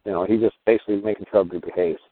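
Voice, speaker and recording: A man's voice: fairly low pitch, rapid-fire. A man hosting a radio talk show, telling long rambling stories and acting out what others said. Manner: rambling, animated storytelling with acted-out quotes. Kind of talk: casual call-in radio talk. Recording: tinny phone-line audio.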